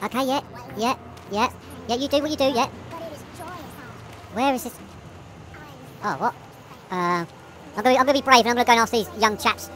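A woman's voice: fairly high pitch, normal speed, pauses often, fairly bright tone, a little hiss or hum. A woman giving nervous, jumpy commentary while playing a horror game, swearing often and laughing through the fear. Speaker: let's play gamer.

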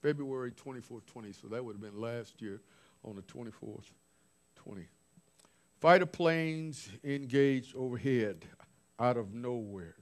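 A man's voice: medium pitch, a little slow. A man preaching informally, recounting visions from his notes with restarts and asides. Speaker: apostle preaching. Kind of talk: sermon.

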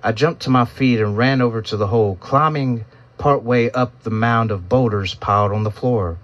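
A man narrating a first-person story in a solemn, measured storytelling manner, in a dull lo-fi recording. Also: medium pitch.

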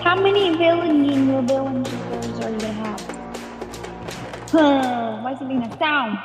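A woman with a fairly high voice chatters casually while playing a game, teasing her partner and laughing often. Game music plays clearly behind her. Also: moderate pace. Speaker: gaming channel co-host. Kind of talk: casual gameplay chat.

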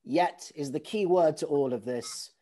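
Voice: mid-range voice, a little slow, mellow. An interviewer asking prepared questions in an encouraging, admiring manner. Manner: encouraging and admiring toward the guest.

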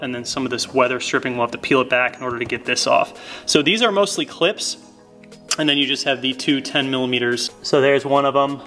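A young man with a medium-pitched, slightly bright voice is a car modification vlogger. Working inside a car, he gives a casual, upbeat, step-by-step install tutorial. He's chatty and calls his viewers "guys."

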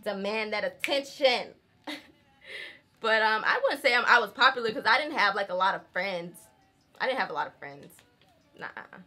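A woman's voice: mid-range voice, animated, normal speed, long pauses, pushed and bright, soft background music. A young woman with a Southern American accent, from the rural South, chatting candidly to camera in a home vlog. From Southern United States, rural. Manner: chatty, candid, frequent laughs, says y'all. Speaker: vlogger. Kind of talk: casual chat to camera.

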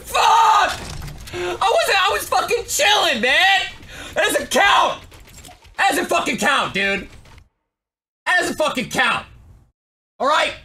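A man livestreaming a game, cursing and yelling in angry bursts at his own gaming mic. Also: very high-pitched, very animated, slow pace, pauses often. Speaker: livestreaming gamer. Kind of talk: shouting rage while streaming a game.

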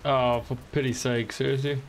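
A man's voice: medium pitch, level tone, moderate pace, a little hiss or hum. A man streaming a game, chatting casually in a joking, rambling way and swearing often. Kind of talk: casual gameplay commentary.

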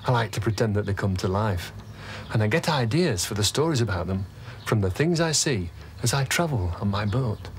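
A man presenting a children's TV show, talking gently and chattily as he explains things to children. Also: fairly low pitch, lively intonation, normal speed.

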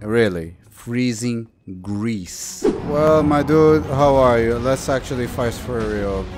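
Excitable man narrating his gameplay. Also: mid-range voice, slow. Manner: excitable, exclamatory, talks to enemies on screen. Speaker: gaming YouTuber. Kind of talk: let's play commentary. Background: game music.

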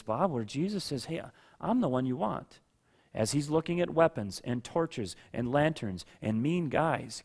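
A man's voice: medium pitch, darkish tone. A man pastor giving a conversational sermon, calling listeners by name and often checking that they agree.

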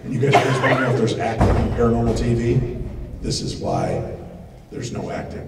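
A middle-aged man telling animated, joking stories to a live audience as a paranormal TV host, with loud outbursts. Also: mid-range voice, fairly quick, vocal fry. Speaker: paranormal TV host giving a lecture. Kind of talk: storytelling talk to a live audience. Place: large expo hall. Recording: echoey hall, distant mic, noisy.

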